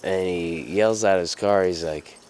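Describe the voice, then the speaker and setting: A man's voice: sits low, moderate pace, a little mellow, clean tone. A young man casually telling a personal anecdote, rambling with fillers and restarts and swearing freely. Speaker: storyteller.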